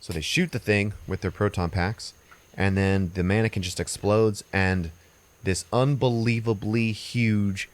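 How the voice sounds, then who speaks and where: A man's voice: fairly low pitch, steady tone, measured pace. A man hosting a podcast, recapping a movie plot in a loose, rambling, casual way with some swearing. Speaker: podcast host.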